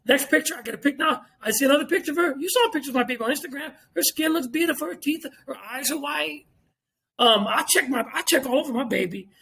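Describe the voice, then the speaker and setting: Middle-aged male podcast guest, very high voice, rapid-fire blunt delivery full of cursing and repetition. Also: vocal fry, bright, forceful tone. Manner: blunt and profane, repeats points for emphasis. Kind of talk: casual podcast talk.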